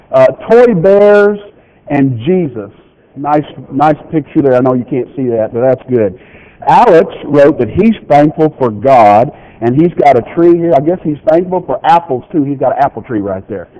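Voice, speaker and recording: A man's voice: fairly high pitch, warm tone. A middle-aged man, a pastor, chatting folksily with his congregation, reading out children's notes and tossing questions back to the room. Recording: dull lo-fi church recording.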